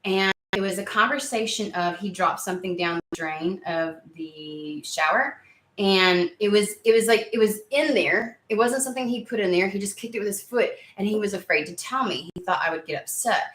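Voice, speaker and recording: A woman in her thirties talks casually to her viewers, rambling through her story with plenty of fillers and restarts. Her voice is bright and forward. The sound rings in an echoey room. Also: mid-range voice, moderate pace. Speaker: tarot reader and channel host. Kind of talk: casual chat to camera.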